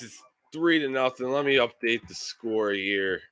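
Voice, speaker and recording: A man's voice: lowish voice, animated, normal speed, fairly bright tone, smooth. A man live streaming a football game, ranting and swearing in frustration at his team's play.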